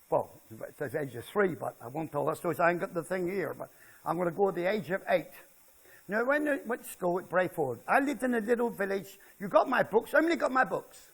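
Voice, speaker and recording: At a festival talk, an older author from Devon with a West Country accent spins funny country stories for a seated audience, keeping them involved with frequent check-ins. His voice is high-pitched and gravelly, fairly bright, with a breathy edge, and he's chatty and jokey.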